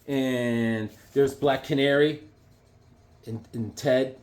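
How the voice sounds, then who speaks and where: A man talking casually and excitedly, rambling through his collection with lots of fillers and restarts. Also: mid-range voice, a little slow. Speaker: comic book collector reviewing issues. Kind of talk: casual show-and-tell vlog.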